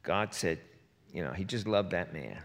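A man's voice: low voice, expressive, moderate pace, gravelly. A man preaching a sermon in a conversational way, with joking asides and playful rhymes. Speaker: pastor. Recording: long hall reverb.

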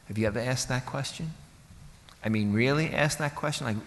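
A man's voice: mid-range voice, moderate pace, a bit bright, in a large hall. A man preaching a sermon in a loose, conversational way, joking with the congregation and acting out the voices of people in the story. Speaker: pastor.

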